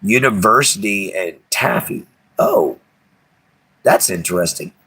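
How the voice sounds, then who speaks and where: Husky man chatting with viewers. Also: deep voice, expressive, measured pace, pushed and bright, low-quality recording. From Texas. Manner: rambling, folksy, chuckles often. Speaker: livestream host. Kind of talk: casual chat with live viewers.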